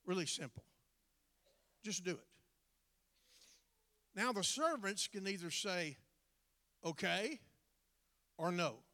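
Middle-aged man, folksy sermon storyteller; high, bright voice; reverberant church hall. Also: unhurried, long pauses. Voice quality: folksy, drawling, colloquial grammar. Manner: animated, builds to loud emphatic bursts. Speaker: preacher.

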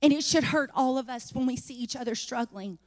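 A woman preaching a sermon in a church, testifying and rising to fervent shouts. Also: sits high, fairly quick, in a large hall. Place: church sanctuary.

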